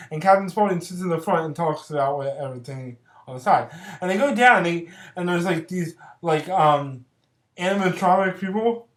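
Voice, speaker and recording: Giggly rambling vlogger recapping a movie, lots of um and like, mid pitch, echoey room. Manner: rambling, filler-heavy, giggly. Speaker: vlogger reviewing films. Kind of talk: casual movie plot recap.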